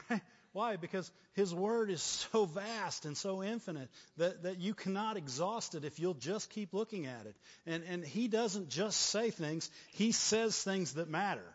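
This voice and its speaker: Preacher with a ringing church reverb. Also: male voice, high-pitched, lively intonation, measured pace, hardly any pauses, husky. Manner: repetitive call-and-response, frequent "right?" and "amen?". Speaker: pastor. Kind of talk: sermon. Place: church hall. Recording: long church reverb, dull lo-fi sound.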